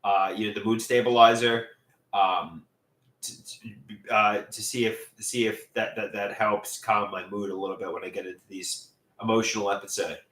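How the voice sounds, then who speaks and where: A man live streaming and reading viewer comments aloud, talking in halting, repetitive bursts with many restarts. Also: lowish voice, steady tone, fairly bright tone, echoey room. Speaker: livestreamer.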